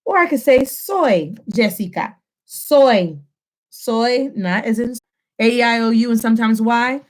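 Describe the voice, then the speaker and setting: A woman teaching a Spanish lesson from home, drilling phrases slowly for the listener to repeat and mixing English and Spanish mid-sentence. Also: fairly high pitch. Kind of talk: home-recorded language lesson.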